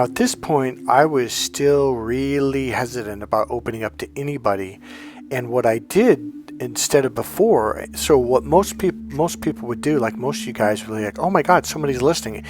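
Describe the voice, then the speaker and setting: A man's voice: medium pitch, moderate pace, a little mellow, faint music behind. A middle-aged man speaks in an everyday mid-range voice, coaching viewers through a casual monologue. He tells his own experiences candidly and bluntly, swearing freely as he goes. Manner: candid, profane storytelling.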